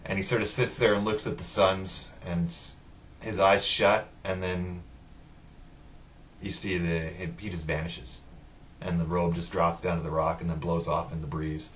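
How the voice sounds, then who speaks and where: A man's voice: low voice, a little slow, far from the mic, slight background noise. A man retelling a film scene by scene in a casual, profane way, acting out the characters' lines as he goes. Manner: profane, animated retelling with acted-out quotes. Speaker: film reviewer. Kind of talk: casual spoiler recap.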